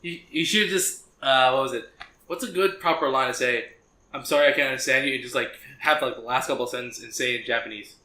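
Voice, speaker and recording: A man's voice: medium pitch, a little fast, pushed and bright, echoey room, low-quality recording. A man co-hosting a podcast, joking and interrupting in casual chat. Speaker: podcast co-host.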